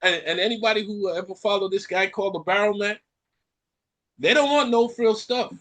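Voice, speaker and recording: Animated high-voiced man ranting. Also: fairly quick. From Caribbean. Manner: animated ranting, exclaims and repeats lines. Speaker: podcast host. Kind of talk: casual chat.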